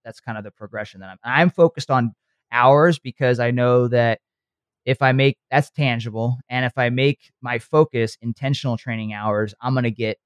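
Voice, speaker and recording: A man in a motivational podcast talk, speaking earnestly like a coach and pausing to check that his listener follows. His voice sits at an ordinary middle pitch and is recorded close and dry, with no room around it. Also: clear, resonant tone, dry recording. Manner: earnest, coaching, checks in with frequent "okay" and "right".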